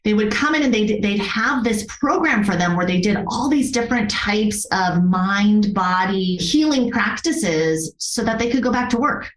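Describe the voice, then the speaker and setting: A woman of middle pitch tells a personal story, earnest and heartfelt. She often stops and restarts her sentences as she goes. Her voice carries a noticeable room echo. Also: expressive, moderate pace, hardly any pauses. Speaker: yoga therapist, podcast guest.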